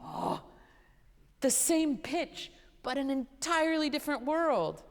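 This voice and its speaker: A woman teaching a vocal master class, animated and playful, who often sings short phrases to show what she means. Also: high-pitched, takes it slowly. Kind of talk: coaching a singer in a master class. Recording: hall reverb, live concert hall.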